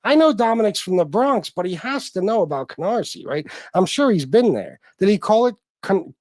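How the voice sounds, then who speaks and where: A man's voice: high voice, sing-song, moderate pace, a little mellow, dry recording. A man, chatting casually on a livestream as host, swearing freely and answering viewers.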